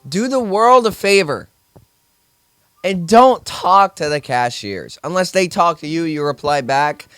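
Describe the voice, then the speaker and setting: Brief: young male store worker, sarcastic profane rant to camera, slightly higher voice. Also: lively intonation, unhurried, a bit bright, smooth, no echo. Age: young adult. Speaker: grocery store worker venting.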